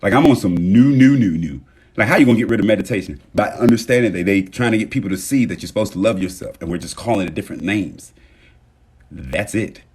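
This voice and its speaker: A man hosting a casual motivational livestream, talking straight to his viewers and thanking them, swinging between loud emphasis and soft murmurs. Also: lowish voice, fast, husky. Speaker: livestream host.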